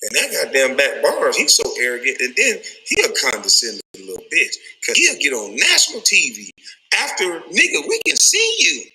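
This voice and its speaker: Retired athlete guy ranting, cussing up a storm, super bright voice, pitch all over the place. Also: huge pitch swings, rough recording. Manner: cussing, laughing, rapid streetwise slang. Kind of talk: profane angry rant.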